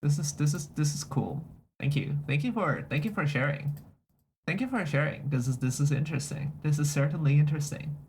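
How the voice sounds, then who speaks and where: A man's voice: on the high side, lively intonation, a little fast, a little mellow, slight background noise. A young man streaming, chatting casually, reacting to chat and repeating and restarting his phrases as he goes. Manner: reacts to chat messages aloud.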